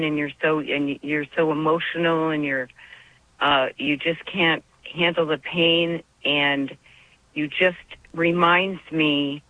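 A woman from Arizona calls in to a radio show, talking earnestly and from the heart, rambling as she goes. Her voice is deep and dry. It comes over a dull phone line in this call-in radio chat.

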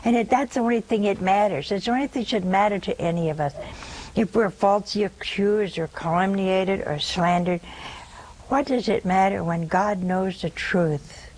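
A woman's voice: mid-range voice, moderate pace, darkish tone, poor audio. An older woman hosting a religious call-in show, preaching earnestly and repeating phrases for emphasis. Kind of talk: preaching to callers.

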